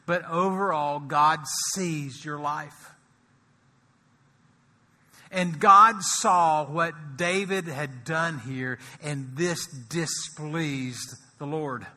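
A man preaching a sermon as pastor, swinging from soft, slow lines to loud, high-pitched emphasis. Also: big-room sound.

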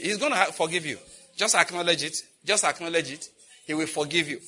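A man's voice: on the high side, lively intonation, fast talker, bright, forceful tone. A man teaching a sermon on prayer, leading his congregation to repeat lines after him and breaking into fervent prayer. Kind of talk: sermon with call-and-response.

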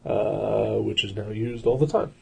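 A man's voice: lowish voice, fairly even intonation, unhurried, creaky, dark tone, husky. A man talking casually about an old film, rambling with lots of fillers and restarts.

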